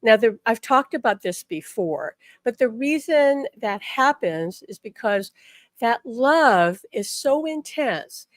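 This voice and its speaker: A woman's voice: fairly high pitch, animated, takes it slowly, dry recording, clean studio sound. A middle-aged woman giving an earnest, emphatic teaching talk as a spiritual teacher, leaning into key words. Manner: earnest and emphatic, acting out quoted voices. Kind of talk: direct-to-camera teaching talk.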